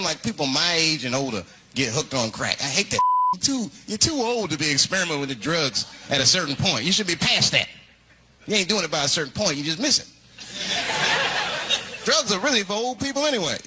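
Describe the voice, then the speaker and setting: A man doing stand-up comedy, telling a story in an animated way and acting out the voices. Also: a little high, fairly quick. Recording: loud crowd noise of a live stand-up show.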